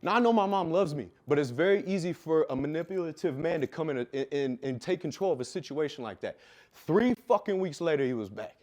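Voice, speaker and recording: A man telling a raw personal story with heavy swearing, dropping low and quiet, then bursting out loud. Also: expressive, brisk. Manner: profane, intense, swings from quiet to loud; loud, self-described. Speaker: fitness business coach telling his life story.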